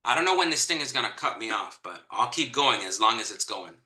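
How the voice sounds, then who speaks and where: A man teaching a live real estate training, energetic and repeating key points for emphasis. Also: medium pitch, fairly quick, reverberant, low-quality recording. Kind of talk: live online training talk.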